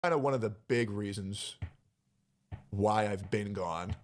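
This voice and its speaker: A man making a personal announcement on his stream, hesitant and emotional, pausing often with fillers. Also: lowish voice, slight background noise.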